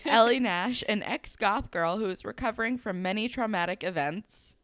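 A woman's voice: medium pitch, moderate pace, fairly bright tone, dry recording. A young woman co-hosting a podcast, reading out short character lists and adding wry asides in casual chat. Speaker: podcast co-host.

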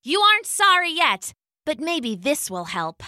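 A taunting fairy from a spooky storybook, voiced by a woman narrator, speaks in a high, bright croon. She stretches out her words, so her sweetness sounds cruel. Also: sing-song, no echo, studio quality, full character voice. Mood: sinister. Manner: slow, crooning and mocking. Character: taunting female energy-stealing fairies, sweet turning sinister.

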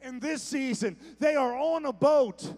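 A man preaching a sermon to a church congregation, repeating phrases for emphasis, with soft instrumental music underneath. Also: extremely high pitch, unhurried. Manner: emphatic call-and-repeat preaching, stammered repetitions. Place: church sanctuary.

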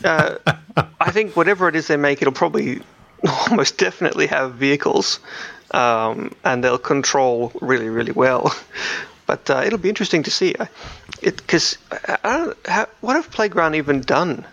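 A man's voice: fairly high pitch, moderate pace, gravelly, fairly bright tone, highs cut off. A man co-hosting a video game podcast in casual, rambling chat, with frequent restarts and fillers. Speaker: podcast co-host.

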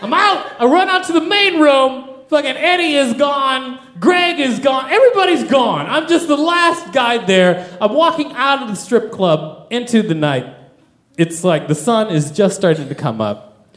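A man telling a wild comic story in stand-up style, profane and animated, often laughing through his lines. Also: very high voice, unhurried. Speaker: comedian.

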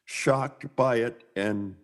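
A middle-aged sign painter from Minnesota tells a story in casual conversation, his medium-pitched voice drawing out words. He's animated and acts out the voices of the people in his anecdotes.

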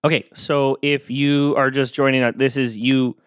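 A man's voice: mid-range voice, level tone, normal speed, clean tone, no room sound. A man hosting a solo podcast, talking in a rambling, earnest, self-deprecating way with many fillers, close to the mic. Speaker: podcast host. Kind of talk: casual solo podcast monologue.

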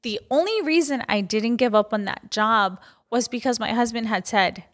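A woman's voice: on the high side, moderate pace, few pauses. A young woman giving an earnest, encouraging personal faith talk, with casual fillers. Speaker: Christian vlogger sharing a testimony.

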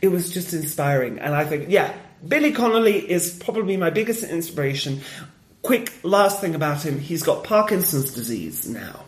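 A man who does stand-up, chatting casually on a podcast and telling stories with lively energy and frequent laughs. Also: a little high, moderate pace, echoey room. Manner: animated storyteller, laughs often. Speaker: stand-up comedian.

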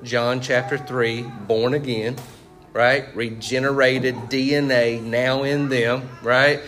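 A man's voice: medium pitch, steady tone, takes it slowly, fairly bright tone, faint music behind. Man preaching with call-and-response questions. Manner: conversational preaching, quizzes the congregation with fill-in questions; tags points with "right?" and "you see what I'm saying?". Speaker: pastor. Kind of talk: sermon.

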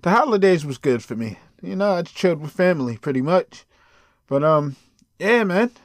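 A man's voice: a little high, expressive, normal speed, no echo, studio quality. A tired man hosting a casual solo podcast, rambling loosely, swearing freely and chuckling between thoughts. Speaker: podcast host.

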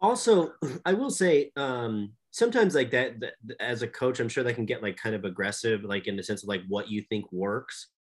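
A man's voice: medium pitch, expressive, normal speed, hardly any pauses, husky. A man in casual podcast chat about fights, talking loosely with lots of fillers and trailing thoughts. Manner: loose, rambling, filler-heavy.

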